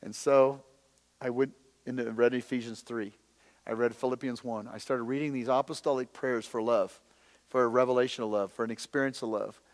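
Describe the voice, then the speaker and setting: Guy preaching a teaching session, mid-pitched, goes loud then quiet and raw, long hall echo. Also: steady tone, fairly quick. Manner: impassioned, swinging from loud emphasis to hushed confession. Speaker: instructor.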